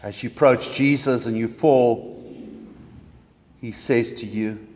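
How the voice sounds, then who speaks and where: A man's voice: medium pitch, steady tone, slow, a little mellow. A man preaching a sermon, telling a story dramatically in the second person. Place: church. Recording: echoey church reverb.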